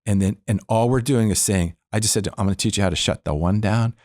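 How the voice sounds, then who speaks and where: Older man, low voice, earnest faith teacher, emphatic repetition, dead-dry sound. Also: fast talker, darkish tone, no room sound. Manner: earnest, repetitive emphatic phrasing, laughs between points. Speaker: podcast guest, speaker on hearing God.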